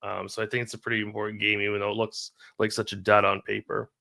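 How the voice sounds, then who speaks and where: Male analyst, low gravelly voice, halting casual delivery, dry close sound. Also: monotone, bright, forceful tone, dry recording. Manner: hesitant, many ums and restarts. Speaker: fantasy sports analyst. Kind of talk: casual live-stream chat.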